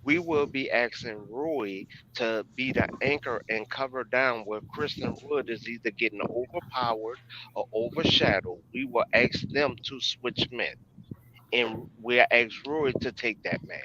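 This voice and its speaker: A man's voice: mid-range voice, unhurried. A man calling in to a sports talk stream, making emphatic points and repeating himself. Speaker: guest caller. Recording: dull, noisy line.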